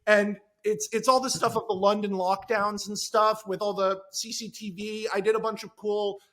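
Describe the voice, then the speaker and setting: A man, a screenwriter guest on a podcast, in casual chat, telling an animated, rambling story with lots of asides. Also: high-pitched, moderate pace.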